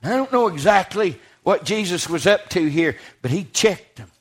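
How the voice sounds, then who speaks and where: A man's voice: sits high, big pitch swings, normal speed. A man preaching a sermon in a church, rising to fervent passages and putting questions to his congregation.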